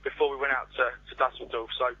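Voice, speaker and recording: A man's voice: medium pitch, level tone, quick pace, breathy edge. A male singer calling in to a radio show, chatty and stumbling, repeating himself as he talks, heard over a phone line. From England. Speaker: pop singer, phone guest. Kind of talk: casual phone interview.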